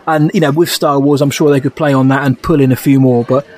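A man's voice: mid-range voice, steady tone, fast, a little mellow. A man co-hosting a podcast in casual, enthusiastic chat, often laughing. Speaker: podcast co-host.

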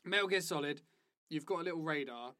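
A man chatting casually about a video game, animated, swearing freely and acting out lines of game dialogue. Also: fairly high pitch, quick pace. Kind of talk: casual gaming chat.

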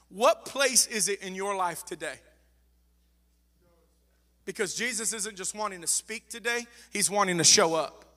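A man's voice: high voice, measured pace, long pauses, pushed and bright. A man preaching a sermon as pastor, fervent and repeating phrases for emphasis. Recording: long reverb of a large hall.

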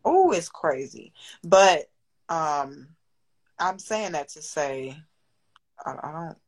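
A woman's voice: low voice, lively intonation, slow, low-quality recording. A woman in her thirties, a business owner and single mother, talking candidly and at length as a guest, swearing freely and getting emotional. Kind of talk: candid podcast conversation.

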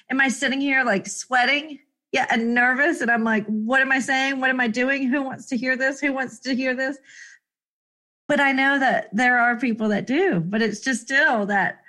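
A fairly high-voiced woman hosts her own solo motivational podcast. She talks in an emotional, effusive way, often repeating phrases for emphasis and breaking into laughter. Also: pushed and bright. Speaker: podcast host.

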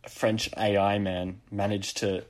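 A man's voice: lowish voice, flat delivery, takes it slowly. An Australian man in his late teens, co-hosting a podcast in playful, jokey casual chat. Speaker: podcast co-host.

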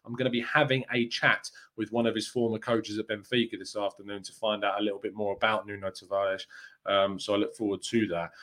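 A man hosts a football fan show live and talks in a loose, chatty way. His voice sits at an ordinary middle pitch and his delivery is upbeat. He answers viewer comments as he goes. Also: fairly bright tone. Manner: chatty and upbeat, with frequent fillers and quick laughs.

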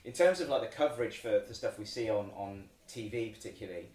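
A man hosts a casual chat, rattling through a rambling story at a quick clip with plenty of fillers. He sits a little back from the mic in an echoey room. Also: lowish voice, recorded from a distance. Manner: rambling storyteller, acts out shouted quotes. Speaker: podcast host.

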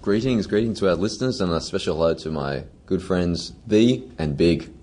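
A man's voice: low-pitched, lively intonation, moderate pace, warm tone. A man co-hosting a casual podcast, asking dry, mock-formal questions. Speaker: podcast co-host. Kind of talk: casual chat.

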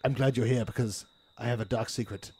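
A man improvising a solemn male night vet who talks to animals, in a grave, hushed, mock-dramatic tone. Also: medium pitch, steady tone, brisk, breathy edge.

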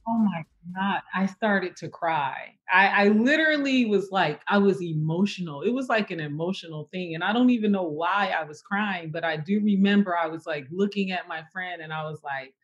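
A woman's voice: lowish voice, moderate pace, hardly any pauses, lo-fi sound. A woman guest talking about a personal experience, reflective and emotional, with many fillers and restarts. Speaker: interview guest. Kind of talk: personal conversation.

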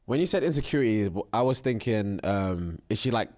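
A man's voice: on the low side, expressive, fairly quick, darkish tone. Casual man reacting on a podcast. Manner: reactive listener, short affirmations. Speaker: podcast co-host. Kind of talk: casual chat.

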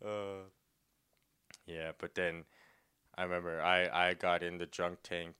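A young man, a podcast co-host and comedian, telling a story in casual chat, rambling with many fillers and breaking into loud laughter. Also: sits low, flat delivery, unhurried, clean tone.

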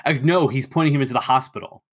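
A man's voice: mid-range voice, very fast. A man co-hosting a podcast, casually retelling scenes from an old film and acting out lines from them. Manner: relaxed retelling, acts out quotes from scenes. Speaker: podcast co-host.

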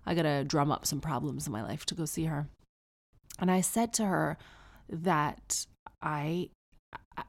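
A woman hosting an advice podcast, answering a listener with frank, conversational personal stories. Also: lowish voice. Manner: frank, conversational, with frequent restarts and emphatic asides. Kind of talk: casual, candid personal storytelling.

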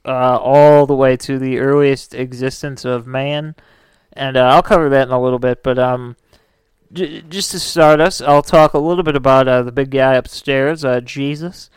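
A man's voice: mid-range voice, steady tone, normal speed, smooth, dry recording. A man hosting a casual podcast, rambling and joking with lots of fillers. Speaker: podcast host.

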